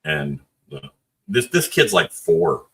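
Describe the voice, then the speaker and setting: Very deep, raspy male voice; deadpan co-host sharing stories. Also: takes it slowly. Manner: dry wit, anecdotal. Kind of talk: casual chat.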